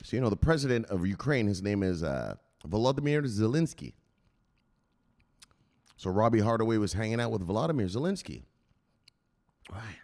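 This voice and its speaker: Hosting a crypto news stream, this man talks in a lowish voice at a moderate pace, pausing often. He's animated and foul-mouthed, joking around casually and welcoming viewers by name.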